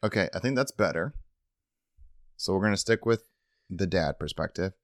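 A man's voice: low-pitched, animated, normal speed, no echo. A man co-hosting a comedy podcast, shooting down ideas in a dry, firm, wry way. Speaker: podcast co-host.

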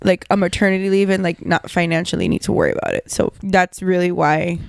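A woman's voice: on the low side, fairly even intonation, quick pace, creaky, a little hiss or hum. A woman, a podcast guest and event planner, chatting casually in a frank, matter-of-fact way. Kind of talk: casual chat.

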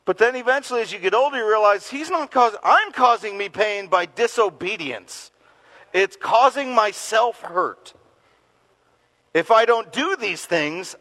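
A middle-aged male pastor preaching a sermon, telling a story with lively laughter and acted-out quotes. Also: high voice, rough recording. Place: church gathering in a community center.

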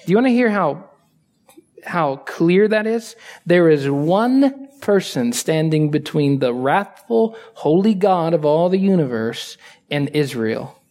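This sermon comes from a male pastor whose voice is high and light, and he speaks expressively at a slow pace. Chatting with the congregation, he poses rhetorical questions and shifts from hushed asides to forceful emphasis.

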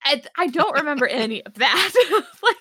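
High, bright-voiced woman chatting animatedly. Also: normal speed, dry recording. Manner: animated, swearing, laughing often. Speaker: podcast co-host. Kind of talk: casual chat recapping a TV episode.

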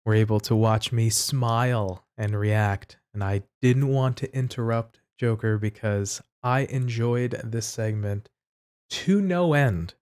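A man co-hosting a podcast who comments in a measured, appreciative way. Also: lowish voice, a little mellow. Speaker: podcast co-host.

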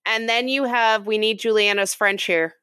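A woman's voice: medium pitch, steady tone, moderate pace, sharp tone, clean tone, dry recording. Woman co-host, casual and enthusiastic, dry close sound. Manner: enthusiastic, laughs often. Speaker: podcast co-host. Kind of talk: casual chat.

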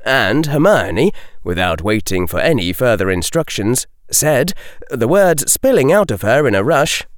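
A man narrates an audiobook at an unhurried pace. His pitch moves a great deal as he shapes each sentence. The recording is dry and close, with no room in it. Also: no room sound. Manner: slow, measured and expressive. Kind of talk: scripted narration.

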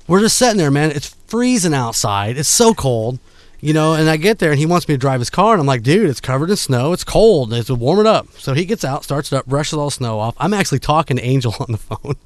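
A man's voice: a little high, fast talker, no echo. A man hosting a podcast, telling a casual story with laughs and acted-out quotes. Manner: animated, laughing, acts out quotes.

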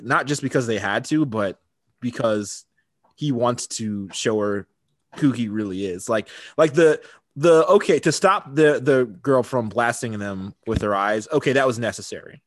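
A man's voice: medium pitch, dry recording. Guy on a podcast recapping an episode, chill, laughs a lot, dry close sound. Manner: laughs often, relaxed storytelling. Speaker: podcast co-host. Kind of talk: casual chat recapping a TV episode.

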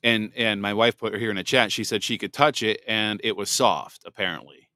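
A man's voice: on the low side, fairly even intonation, normal speed, sharp tone, no echo, clean studio sound. A man in his thirties hosting a podcast, telling a personal faith testimony in a candid, rambling way with many restarts. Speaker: podcast host.

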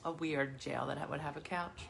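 A woman in her forties hosting a casual chat with viewers from her living room, chatty and animated, jumping from topic to topic. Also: low voice, moderate pace, creaky, background noise. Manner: chatty, animated, jumps between topics and laughs often. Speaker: livestream host.

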